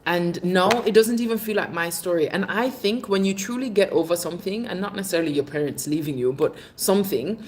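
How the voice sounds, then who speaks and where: A woman's voice: on the low side, fairly quick, hardly any pauses, darkish tone. A woman hosting a casual livestream, chatting candidly with viewers and calling them babe. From Jamaica. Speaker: livestream host. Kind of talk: casual live chat reading viewer comments.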